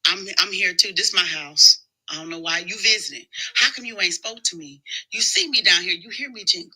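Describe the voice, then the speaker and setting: A woman's voice: on the low side, brisk, sharp tone, breathy edge, full character voice, poor audio. A woman voicing her elderly female pet dog as a bossy, sassy old lady who scolds. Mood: indignant. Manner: scolding, indignant.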